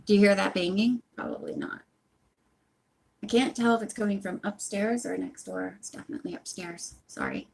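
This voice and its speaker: A woman's voice: mid-range voice, moderate pace, gravelly. Brief: casual read-aloud host, woman, drifting into friendly asides. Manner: chatty, apologetic asides. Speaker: reader of a book series. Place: home.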